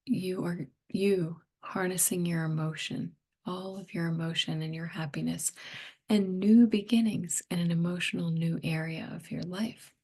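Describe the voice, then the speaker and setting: A middle-aged woman giving a tarot reading, hoarse and losing her voice, half whispering in a gentle, musing way. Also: on the low side, steady tone, moderate pace. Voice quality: breathy, partly whispered. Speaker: tarot reader.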